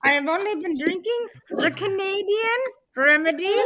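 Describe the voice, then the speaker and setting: A tipsy woman on a video call, loud and giddy, swearing and making drawn-out declarations. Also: extremely high pitch, lively intonation, a crowd in the background. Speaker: panel guest. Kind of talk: rowdy casual video chat.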